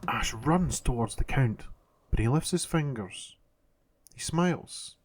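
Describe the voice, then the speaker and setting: A man narrating a children's adventure story in a calm, steady way. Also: mid-range voice, a little slow, a little hiss or hum.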